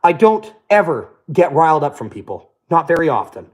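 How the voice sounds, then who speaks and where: A man's voice: fairly high pitch, very animated, a little fast. A young man telling profane, boastful stories in a casual rant.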